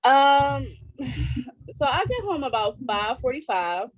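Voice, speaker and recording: A woman's voice: high voice, sing-song, dry recording, low-quality recording. A woman in her thirties speaking candidly in a casual podcast chat about motherhood, with lots of fillers and restarts. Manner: halting, many fillers and restarts, emotional openness. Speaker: podcast co-host sharing as a mother.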